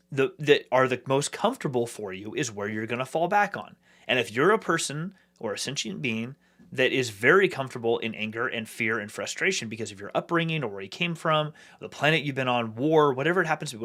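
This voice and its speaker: A man co-hosting a podcast, talking in a casual, animated way, thinking aloud with many restarts. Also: mid-range voice. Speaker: podcast co-host. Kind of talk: casual discussion.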